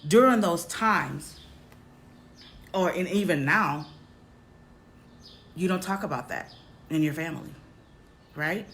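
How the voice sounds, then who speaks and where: A woman vlogger telling a personal story straight to her viewers, halting often and repeating herself. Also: on the low side, lively intonation, fairly bright tone, slight background noise. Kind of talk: candid personal storytelling to camera.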